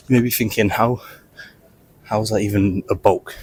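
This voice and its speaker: A man's voice: on the low side, steady tone, normal speed, darkish tone, a little hiss or hum. A man talking casually to the camera while walking on a gym treadmill, a little out of breath, rambling with many fillers. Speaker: fitness vlogger.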